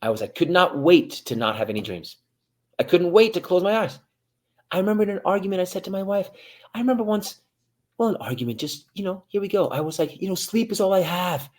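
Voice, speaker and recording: A military veteran guest giving motivational interview talk, addressing listeners directly and swinging from hushed to loud. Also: male voice, high-pitched, sing-song, fairly quick.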